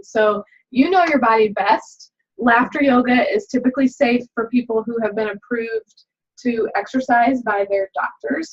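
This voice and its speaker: Fairly high-pitched yet husky, a middle-aged woman guides a laughter yoga exercise video. She's chatty and cheerful, breaking into laughter as she explains, and the sound is dull and lo-fi.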